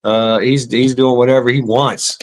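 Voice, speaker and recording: A man's voice: medium pitch, level tone, normal speed. A man ranting casually and sarcastically as a vlogger, with lots of stammered repetitions and swearing. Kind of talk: casual profane rant.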